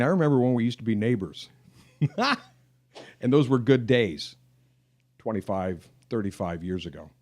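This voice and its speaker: A man's voice: fairly low pitch, expressive, normal speed, long pauses, dark tone. A middle-aged man co-hosting a podcast, talking in an earnest, affectionate way and laughing easily. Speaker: podcast co-host. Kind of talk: casual podcast chat.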